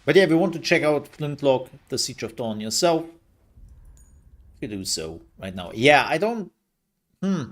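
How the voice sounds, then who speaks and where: A man's voice: on the high side, sing-song, unhurried, long pauses. A man streaming live, giving casual commentary on game demos in a rambling, candid way with hesitant fillers.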